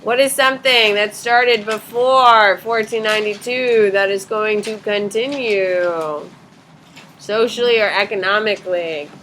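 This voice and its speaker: A woman teacher in a classroom, questioning students briskly and bluntly correcting their answers. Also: medium pitch, steady tone, fairly bright tone, slight background noise.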